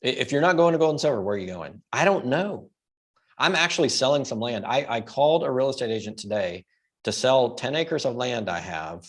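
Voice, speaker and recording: A man's voice: medium pitch, animated, brisk. Emphatic man hosting a market commentary. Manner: emphatic, rhetorical questions, casual profanity. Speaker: host of a precious metals livestream. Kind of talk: opinionated solo commentary.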